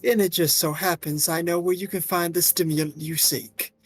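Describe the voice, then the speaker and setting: Speaking very deep, slow and menacing, a man voices a scheming villainous male president. His intonation stays fairly even, and faint music plays behind him.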